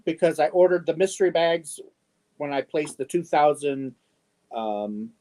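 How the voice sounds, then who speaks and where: A middle-aged man hosts a casual live stream and reads viewer comments aloud. His voice sits a little high, and he speaks very slowly. He pauses often with ums and adds fond little asides. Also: lively intonation, darkish tone. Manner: slow, halting, many ums, affectionate asides.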